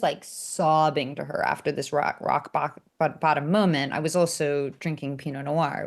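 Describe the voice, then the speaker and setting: A woman, an author and coach, telling candid stories as a podcast guest, animated and self-mocking, with sarcastic asides. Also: low voice, moderate pace, few pauses. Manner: acts out quoted dialogue in character voices. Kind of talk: candid conversational storytelling.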